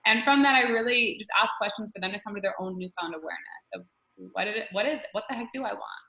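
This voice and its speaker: A woman coach giving animated, spiritual interview answers, often restarting her sentences. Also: mid-range voice, fast talker, roomy sound, muffled recording. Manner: animated, spiritual, repeats herself. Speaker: guest coach.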